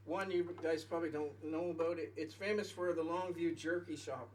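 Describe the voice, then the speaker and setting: A man's voice: fairly high pitch, fairly even intonation, brisk, darkish tone, a little hiss or hum. A man telling a long, rambling story on stage between songs, stopping himself and laughing at his own jokes. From Canada. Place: small music venue with audience. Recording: live music venue, mic from a distance.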